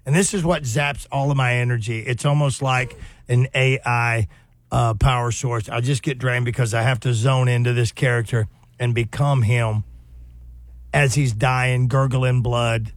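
A man's voice: medium pitch, steady tone, unhurried. A man hosting a sports talk radio show, jokey and theatrical.

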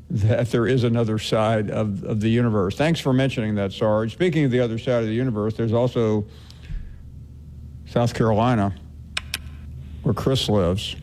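Mellow-voiced talk radio host. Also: male voice, mid-range voice.

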